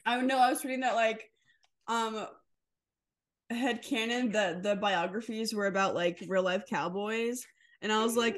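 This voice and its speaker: A woman from the American Midwest jokes wryly through a casual podcast chat. Her voice is fairly high. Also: fairly even intonation, unhurried. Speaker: podcast co-host.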